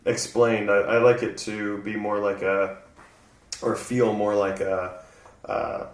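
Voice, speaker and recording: A low-pitched man from the American South chats as a podcast guest, easygoing and loose, circling back with restarts and laughing often. He sits some way off the microphone in a room that rings with echo. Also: little pitch movement, slow, distant mic. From Southern United States. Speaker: guest comedian. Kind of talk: casual chat. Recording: roomy echo, from the mic.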